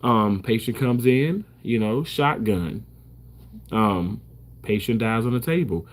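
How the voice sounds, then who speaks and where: A man's voice: lowish voice, slow. A man who works as a surgical first assist, talking casually to the camera in an emphatic way, repeating himself and swearing freely.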